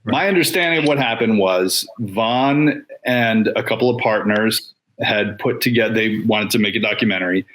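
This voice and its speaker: A man guest on a radio show, explaining how a documentary came together in a measured way. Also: fairly low pitch, a bit bright. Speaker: guest, film producer. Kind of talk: radio interview answer.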